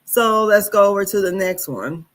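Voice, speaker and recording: A woman's voice: medium pitch, normal speed, a bit bright. A woman hosting a casual gossip commentary, rambling and hesitant as she recaps reality-show drama. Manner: rambling, hesitant, many fillers and restarts. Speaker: gossip channel host.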